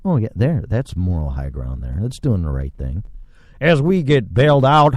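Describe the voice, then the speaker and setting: A man's voice: on the low side, huge pitch swings, moderate pace, darkish tone. A man hosting a solo podcast, ranting sarcastically and swearing freely into a microphone. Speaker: podcast host. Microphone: studio microphone.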